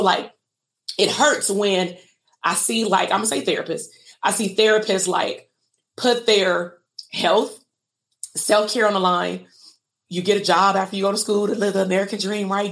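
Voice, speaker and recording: A woman in her thirties, a business coach for therapists, talking casually and candidly to viewers on a live stream, emotional at times, laughing and swearing freely. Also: medium pitch.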